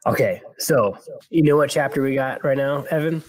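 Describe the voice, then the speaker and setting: A young man from California with a General American accent, co-hosting a casual podcast and rambling with quick restarts. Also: medium pitch, dry recording. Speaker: podcast co-host.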